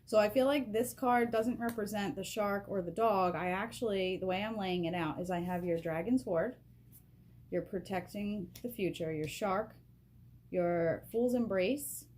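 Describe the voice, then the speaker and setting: A woman giving a casual spiritual card reading at a table, excitable and emotional, laughing often and speaking straight to the viewer through a camera propped on a box. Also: medium pitch, a little slow, a little hiss or hum. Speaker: vlogger doing a card reading. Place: at a table indoors.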